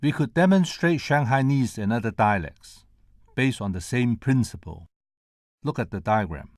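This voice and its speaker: This is an older man from Hong Kong delivering a lecture to a conference audience. He speaks very slowly at a middle pitch and sounds out each tone and syllable separately as he demonstrates them. The recording is dry, with almost no room sound. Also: a little mellow, no echo. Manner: measured and deliberate, sounding out tones and syllables one by one. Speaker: presenter at a conference. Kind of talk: prepared lecture with spoken demonstrations.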